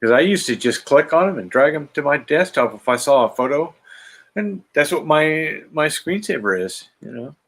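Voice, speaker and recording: A man's voice: fairly high pitch, expressive, moderate pace, a bit bright. A man hosting a podcast in casual chat, rambling easily and trailing off. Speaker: podcast host.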